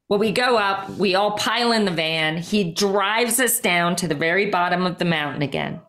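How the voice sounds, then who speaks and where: A middle-aged woman with a somewhat low-pitched voice tells a story as an interview guest. She speaks emphatically and lively, scattering "like" through her sentences and acting out her own thoughts. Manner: emphatic, lots of "like" and quoted self-talk. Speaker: guest, former triathlete and life coach. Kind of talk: animated personal storytelling.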